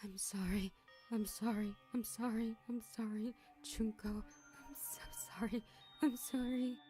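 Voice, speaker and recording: A woman's voice: on the high side, steady tone, unhurried, dark tone, husky, no room sound, soft background music. A woman voicing a broken, desperate teenage girl soldier in a trembling, murmured whispered role-play.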